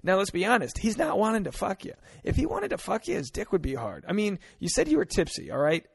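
A man's voice: sits high, wildly swooping pitch, fast, vocal fry, slightly rough. A man from Rhode Island hosting a comedic advice podcast, talking in a blunt, crude, joking way and acting out little scenes. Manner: blunt, crude, jokey, acts out voices. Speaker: podcast host.

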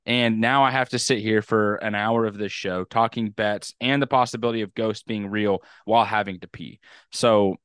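A young man co-hosting a podcast, joking and animated, with some swearing for effect. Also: fairly low pitch, normal speed, clear, resonant tone, no room sound, clean studio sound. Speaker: podcast co-host. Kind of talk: casual chat.

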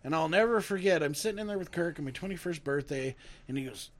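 Lively high-voiced man telling stories. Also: quick pace. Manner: animated, laughing, swearing storyteller. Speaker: podcast co-host. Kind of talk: casual storytelling chat.

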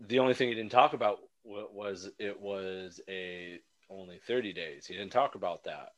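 A man co-hosting a podcast, talking in an animated, rambling way with frequent restarts. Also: low voice, moderate pace. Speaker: podcast co-host. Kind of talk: casual chat.

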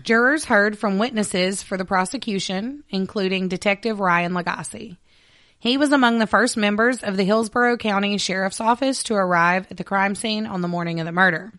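A woman's voice: medium pitch, moderate pace, fairly bright tone, dry recording. Female podcast host, casual true-crime storyteller who reads case details aloud; dry, close recording.

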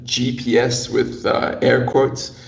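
A man on a casual podcast, teasing a friend in a wry, deliberate way. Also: medium pitch, level tone, creaky. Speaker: podcast co-host. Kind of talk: casual chat. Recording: distant, roomy, dull mic.

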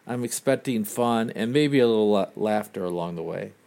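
A man co-hosting a casual podcast, easygoing, telling relaxed anecdotes and chuckling along. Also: lowish voice, moderate pace, vocal fry. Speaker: podcast co-host.

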